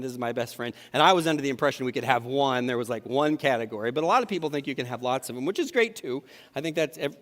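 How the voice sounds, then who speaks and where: A man preaching to his congregation with a slightly high voice and a relaxed, self-deprecating storytelling manner. The sound carries a long church-hall reverb. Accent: Upper Midwest American. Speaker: pastor. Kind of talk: sermon. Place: church sanctuary.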